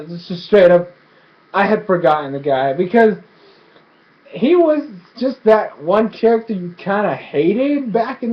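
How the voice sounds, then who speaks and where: A man with a fairly high voice rambles excitedly through a casual review, stumbling over restarts and fillers. The sound is dull and lo-fi, as from a cheap home mic. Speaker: show reviewer. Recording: dull lo-fi recording.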